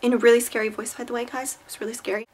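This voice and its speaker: A young woman with a high, bright voice tells rambling stories straight to camera. She is chatty and dramatic, piling on fillers and asides. It has the casual feel of a camera-mic vlog. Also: little pitch movement, racing. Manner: chatty, exaggerated storytelling with many fillers. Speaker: vlogger.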